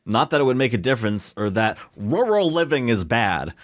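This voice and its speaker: A man's voice: medium pitch, very animated, moderate pace. A young man co-hosting a podcast, joking around and reading online posts aloud, sometimes tripping over his words. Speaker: podcast co-host reading stories.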